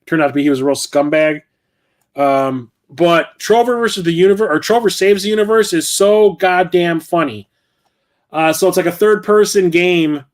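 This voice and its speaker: A man's voice: sits high, normal speed. A middle-aged man chatting casually about his game collection, rambling, correcting himself and swearing freely. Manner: rambling, profane, self-correcting. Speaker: game collector and channel host. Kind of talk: casual vlog chat.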